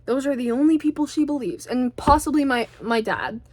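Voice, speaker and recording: Here a woman vlogger talks a little fast in a high, animated voice with a darkish tone. Her chatter wanders in a casual monologue full of self-deprecation, stutters, and frequent restarts.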